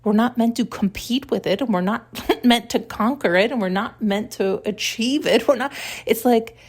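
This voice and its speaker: A woman hosting a podcast, talking through spiritual ideas in a reflective monologue, musing and searching for words with pauses and self-corrections. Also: on the high side, darkish tone, breathy edge. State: tearful at times. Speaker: podcast host.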